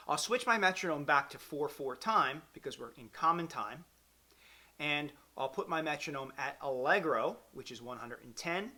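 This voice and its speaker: A male music teacher with a bright, forceful tone gives a clarinet lesson. He counts the beats out loud and explains each step patiently, keeping his delivery encouraging. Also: a little high.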